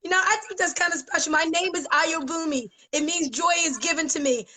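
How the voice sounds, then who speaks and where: An American woman giving a fervent, preacher-like motivational pitch to her business team on a live video, emotional at times. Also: brisk, bright, forceful tone, poor audio. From United States. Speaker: network marketing leader.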